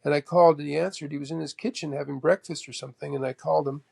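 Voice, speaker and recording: A man in his sixties from Canada, a guest telling animated anecdotes and acting out both sides of old conversations. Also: on the high side, rapid-fire, creaky, husky. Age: 60s. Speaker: guest, golf professional. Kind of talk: casual storytelling chat.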